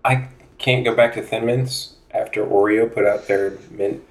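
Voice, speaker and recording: A man's voice: on the low side, steady tone, normal speed. A man in a casual group chat, keenly recounting shared game nights. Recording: roomy echo.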